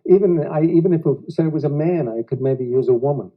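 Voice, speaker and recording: An American actor being interviewed at home, speaking reflectively in halting phrases with odd pauses. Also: male voice, on the high side. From United States. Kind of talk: casual interview talk. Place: living room of a private house. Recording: dull lo-fi 1990s home video.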